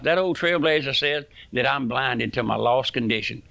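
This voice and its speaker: A man's voice: mid-range voice, normal speed, creaky, few pauses, a bit bright, dry recording. A man preaching a fiery radio sermon, impassioned and folksy, full of homespun sayings.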